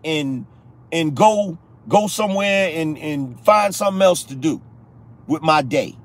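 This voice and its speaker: Man ranting heatedly, fairly high voice. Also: lively intonation, unhurried. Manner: heated, preachy, repeats lines for emphasis, profane. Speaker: political podcast host. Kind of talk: live-stream rant.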